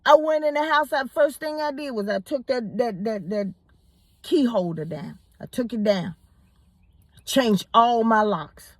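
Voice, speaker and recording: A woman telling a personal story in a casual, animated way, often repeating words as she goes. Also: fairly high pitch, normal speed, dry recording. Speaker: storyteller host.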